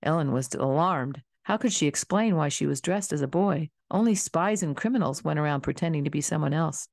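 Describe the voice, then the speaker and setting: A woman narrating a children's novel in a calm, steady storybook reading. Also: low voice, a little fast, creaky, no echo, clean studio sound. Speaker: audiobook reader.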